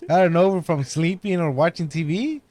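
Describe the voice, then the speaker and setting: A man with a slightly high but mellow, dark-toned voice, chatting casually among friends. He talks in a laid-back way, often pausing and hedging his words. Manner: relaxed, hesitant, with fillers. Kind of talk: casual chat.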